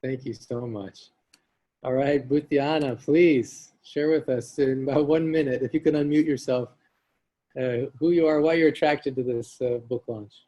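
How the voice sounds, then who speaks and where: A man's voice: medium pitch, fairly even intonation, normal speed, warm tone. A man hosting a group video call, effusive and chatty, gushing with praise. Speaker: call host.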